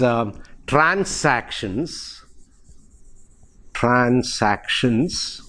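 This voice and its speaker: A man's voice: medium pitch, fairly bright tone. A man giving a recorded university lecture, repeating key words and spelling words out letter by letter.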